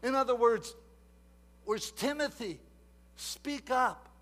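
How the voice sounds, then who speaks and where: A man preaching a sermon, moving from quiet asides to loud emphatic exhortation and repeating himself often. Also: very high voice, slow. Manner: repeats words and restarts often.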